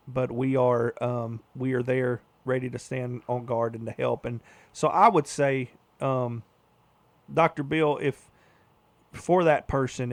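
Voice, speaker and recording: A man's voice: mid-range voice, no room sound. A male radio host talking casually, folksy and rambling, with many fillers.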